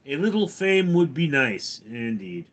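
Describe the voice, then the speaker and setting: A man live-streaming from home, reading chat comments and answering in a dry, deadpan way. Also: on the high side, measured pace.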